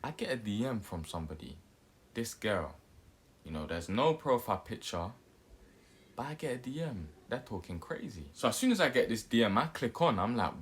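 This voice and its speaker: A man's voice: medium pitch, normal speed, slight background noise. A young man telling a story in a casual, jokey way and acting out the quotes. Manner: animated, jokey, acts out quotes.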